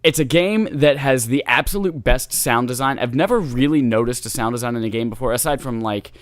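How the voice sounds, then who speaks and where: A man's voice: medium pitch, brisk, dry recording, studio quality. Enthusiastic, joking man co-hosting a podcast. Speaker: podcast co-host. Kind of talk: casual gaming podcast chat.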